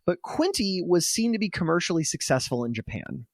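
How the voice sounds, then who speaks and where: Animated, lively-voiced male podcast storyteller. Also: high voice, a little fast, no echo, clean studio sound. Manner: animated, swears casually, lots of "like" and "right?".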